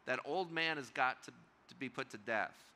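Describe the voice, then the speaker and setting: A male pastor teaches a Bible study in a church room, his voice very bright and cutting. The tone is smooth and clear, and he keeps asking the group questions and slows down on the words he wants to land. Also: mid-range voice.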